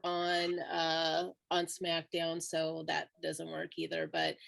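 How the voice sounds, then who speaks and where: A woman with a lowish voice talks slowly on a podcast. She is hesitant and casual, pausing often on fillers as she gives her view. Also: completely flat delivery, vocal fry, a bit bright. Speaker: podcast co-host. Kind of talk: casual chat.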